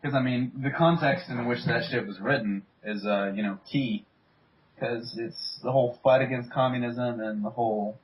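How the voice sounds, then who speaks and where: Young man, low-ish voice, blunt casual talker, muffled call audio. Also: slight background noise. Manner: blunt, swears freely. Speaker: co-host. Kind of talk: casual chat.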